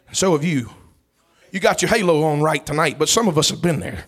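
High, lively preacher man. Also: normal speed, pauses often. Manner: animated storytelling with bursts of shouting and laughter. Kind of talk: sermon.

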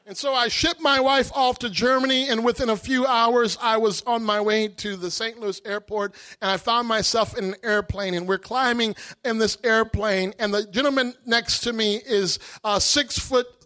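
High, bright-voiced man telling a testimony. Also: moderate pace, hardly any pauses. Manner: animated, dramatic storyteller who acts out voices. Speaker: guest speaker giving testimony. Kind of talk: storytelling sermon testimony.

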